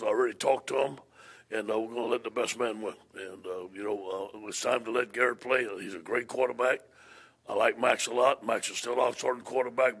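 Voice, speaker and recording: Gravelly, husky head football coach. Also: male voice, mid-range voice, a bit bright. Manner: plain-spoken, repeats and restarts words. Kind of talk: press conference.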